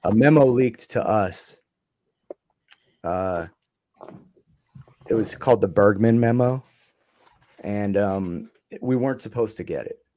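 A man's voice: fairly low pitch, takes it slowly, long pauses, dark tone. Casual, cursing man telling his story. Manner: profane, laid-back, trailing off with ums and laughs. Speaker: interview guest.

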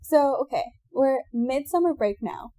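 A woman telling a personal story in casual chat, animated and laughing often, acting out what people said. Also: sits high, measured pace, no room sound.

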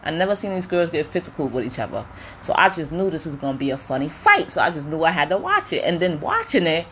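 A chatty woman with a slightly low voice, giving her frank opinions as she recaps a reality show episode. She talks casually, scattering um and you know through her sentences. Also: fast, slight background noise. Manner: chatty, opinionated, animated retelling with quoted voices; many fillers like um and you know. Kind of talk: casual chat.

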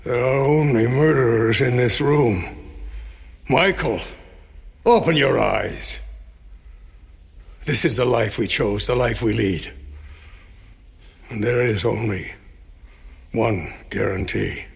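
A grave old crime boss, gravelly and unhurried. The pleading is slow and solemn. The film audio carries a long reverb tail. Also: male voice, medium pitch. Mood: stern. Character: aging male crime boss, weary and grave. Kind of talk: film drama dialogue.

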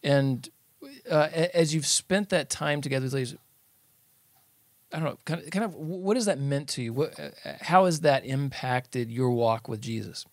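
A church ministry interviewer asking gentle, hesitant questions full of fillers. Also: mid-range voice, moderate pace, no room sound. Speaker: interviewer, women's ministry leader. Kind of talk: supportive interview.

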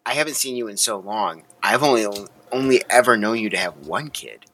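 A man co-hosts a podcast, reacting to his guest with playful teasing. His voice is bright and edgy. His pitch rises and falls freely. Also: expressive, fairly quick. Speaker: podcast co-host. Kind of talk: casual chat.

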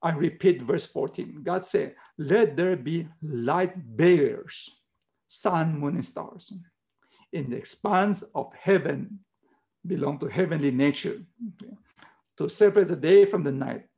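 A man's voice: on the high side, unhurried, gravelly, a little mellow. A middle-aged man preaching a sermon in earnest, emphatic, simple English, repeating his key words. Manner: non-native English, simple phrasing.

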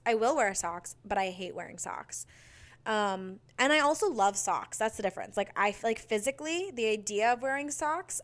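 A young woman in her twenties hosting her own podcast, chatting casually and gushing, full of "like" and "um". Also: mid-range voice. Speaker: podcast host. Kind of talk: casual solo podcast chat.

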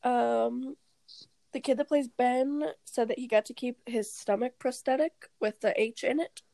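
A young woman co-hosts a podcast, casually recapping a movie, laughing often and acting out lines from its scenes. Her voice is a little high, gravelly, and dark in tone, steady and unhurried, in a dry recording.

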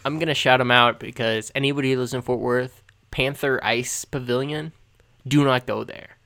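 A young man co-hosting a podcast tells a story with animated energy. He acts out the quoted lines as he goes, and his voice sits at an ordinary middle pitch. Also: moderate pace. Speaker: podcast co-host. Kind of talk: casual chat.

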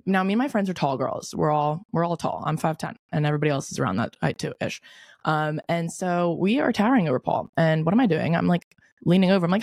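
A woman in her twenties hosting a podcast, telling a story in a casual, animated way, full of "like" fillers. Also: deep voice, quick pace, creaky, no echo, studio quality. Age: 20s. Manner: chatty, lots of "like" fillers, animated retelling. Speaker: podcast host.

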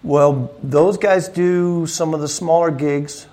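A man, a musician guest, chatting casually and telling animated stories. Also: slow pace, faint music behind. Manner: animated storyteller, raises pitch to imitate others. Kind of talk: casual chat.

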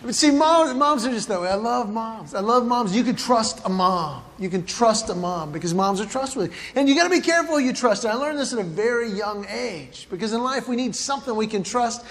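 A man's voice: extremely high pitch, animated, fairly quick, hardly any pauses, fairly bright tone. A man performing a stand-up comedy routine, animatedly acting out moms and kids as he tells stories. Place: large hall with live audience. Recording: reverberant hall, faint ambience.

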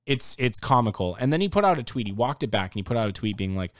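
A man's voice: very animated, fast talker, no echo, clean studio sound. Heated young man ranting about football. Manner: heated, exasperated, grows louder and higher when worked up. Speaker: sports commentator. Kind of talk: casual sports rant.

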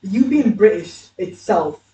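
A woman's voice: medium pitch, animated, slow, warm tone. Teasing young woman, roomy distant sound. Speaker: podcast co-host. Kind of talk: casual chat.

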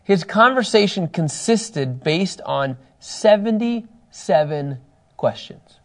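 Male Bible teacher, slightly high gravelly voice, reads verses and quizzes his class with energy. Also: slow. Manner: animated, reads scripture aloud and asks class questions.

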